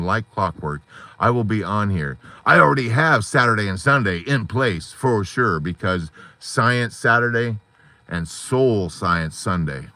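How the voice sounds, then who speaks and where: A man hosting an unscripted live stream from inside his parked car at night, rambling and animated, slipping into quoted voices. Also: medium pitch, dry recording. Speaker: live-stream host of a divorced dads channel.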